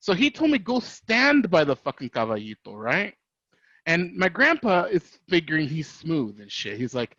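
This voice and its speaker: A man's voice: a little high, huge pitch swings, moderate pace, a bit bright, no echo. A man hosting a podcast, telling a childhood story in casual chat, cursing and laughing, slipping in Spanish phrases. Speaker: podcast host. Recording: dry, dull lo-fi audio.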